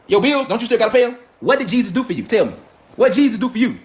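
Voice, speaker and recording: A man's voice: very high-pitched, animated, fast. A man in a profane, confrontational ranting monologue, firing rhetorical questions. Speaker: commentator.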